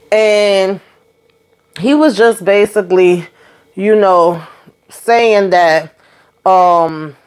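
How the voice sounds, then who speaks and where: A woman hosting her own channel, giving a chatty, slangy recap of a TV episode and acting out the characters' lines as she goes. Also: on the low side.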